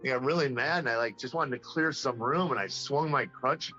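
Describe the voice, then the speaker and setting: A man's voice: medium pitch, brisk, sharp tone, lo-fi sound, soft background music. A man in his forties telling a rambling, aggrieved story in an interview and acting out the dialogue. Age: 40s.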